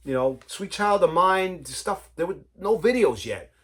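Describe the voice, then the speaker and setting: A man's voice: high-pitched, lively intonation, a little slow, husky. A man hosting a vinyl collector's vlog in a casual, rambling way. He talks with enthusiasm and keeps adding "you know, man.". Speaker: vinyl collector, channel host.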